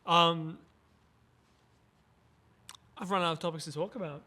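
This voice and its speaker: A man's voice: a little high, steady tone, a little slow, pushed and bright. A young adult man hosting a casual podcast chat, musing and talkative. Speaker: podcast host.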